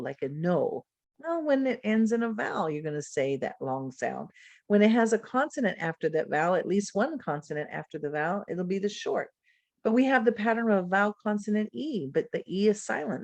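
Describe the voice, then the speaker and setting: Over a video call, a woman with a mid-range, slightly mellow voice presents a literacy lesson as a webinar demonstration, recorded dry. She models classroom drills in patient, encouraging teacher talk, voicing both the teacher's turns and the students'.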